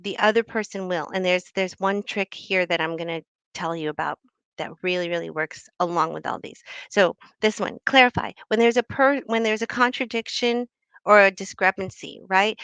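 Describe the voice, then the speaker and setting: A woman's voice: medium pitch, normal speed, a bit bright, clear, resonant tone, no room sound. A middle-aged woman and doctor giving a conversational talk on speaking up, often acting out the example phrases she teaches. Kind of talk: talk on assertive communication.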